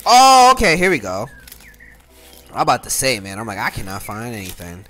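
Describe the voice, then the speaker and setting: A man giving casual let's-play commentary as a gaming YouTuber, slangy and quick to laugh. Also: lowish voice, lively intonation, pushed and bright. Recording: game music playing behind the voice.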